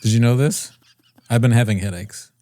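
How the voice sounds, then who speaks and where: A man's voice: mid-range voice, moderate pace, dark tone, dry recording, studio quality. A young man co-hosting a podcast, chatting casually with crude, rambling jokes. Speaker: podcast co-host. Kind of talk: casual comedic chat.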